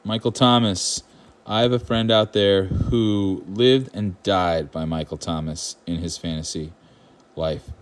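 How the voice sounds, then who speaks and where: A man's voice: low voice, steady tone, measured pace, clean tone. A man born in Ireland, hosting his own channel, chatting casually and wryly as he opens trading card packs, with rambling asides and mock outrage. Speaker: card-opening channel host. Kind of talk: casual card-opening commentary.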